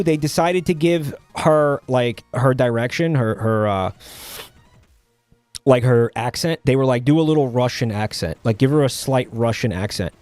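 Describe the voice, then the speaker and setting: A man streaming live and chatting casually, rambling and halting, with many fillers and restarts and an offhand, sardonic tone. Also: on the high side, darkish tone, dry recording.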